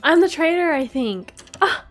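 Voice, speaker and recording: A young woman hosting a gaming channel, narrating her play live, excitable and quick to gasp and giggle. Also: extremely high pitch, soft background music. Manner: excitable, gasping and giggling often. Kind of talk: live game commentary.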